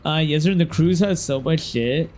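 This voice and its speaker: A young man from Ohio chatting casually on a game stream, loose and slangy, now and then breaking into sudden excited shouts. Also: a little high, moderate pace.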